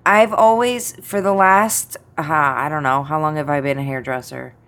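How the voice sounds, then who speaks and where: A woman with a very low voice, chatting casually as co-host. She talks haltingly, trailing off and restarting. A faint hiss runs underneath. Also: a bit bright. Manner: hesitant, full of ums and pauses. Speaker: podcast co-host, hairdresser. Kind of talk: casual chat.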